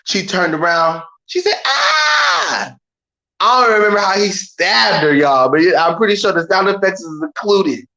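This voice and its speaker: Animated, profane man ranting. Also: high voice, moderate pace, few pauses, shouting, dull audio. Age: about 30. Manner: animated, profane, dramatic, imitates screams. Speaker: vlogger. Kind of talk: casual storytelling rant.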